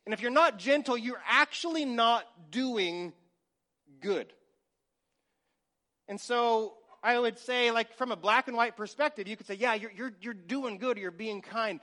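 A man in his forties preaching a sermon, telling lively stories and acting out little scenes, sometimes dropping to a whisper. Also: very high-pitched, unhurried. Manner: animated storytelling, acts out scenes, drops to a whisper. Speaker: pastor.

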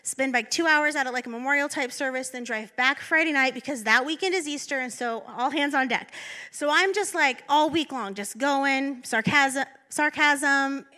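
A woman's voice: high-pitched, normal speed, bright, forceful tone. A woman assistant pastor giving a candid, self-deprecating sermon as she tells a personal story.

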